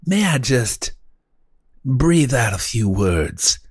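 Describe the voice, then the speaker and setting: A man putting on the voice of a pompous, old-fashioned gentleman with ornate, drawn-out formal phrasing. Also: medium pitch, big pitch swings, slightly rough, dry recording, studio quality, heavily acted.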